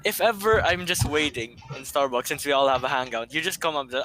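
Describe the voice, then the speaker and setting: A man's voice: on the high side, animated, brisk, crowd noise. A young man co-hosting a casual podcast, teasing his friend with mock threats to walk out. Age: young adult. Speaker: podcast co-host. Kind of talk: casual chat between friends.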